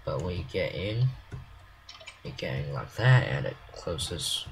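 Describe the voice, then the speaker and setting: Man, rambling and self-conscious game commentary, unhurried delivery, very animated up and down in pitch. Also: poor audio. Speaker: game creator. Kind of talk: casual building commentary. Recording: clear mouse clicks and typing.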